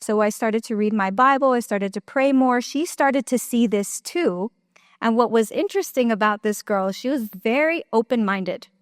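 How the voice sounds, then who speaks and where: A woman's voice: on the high side, normal speed, no echo, studio quality. Chatty young woman telling her story. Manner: conversational storytelling with many fillers, laughs often. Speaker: conference speaker. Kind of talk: personal testimony. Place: church.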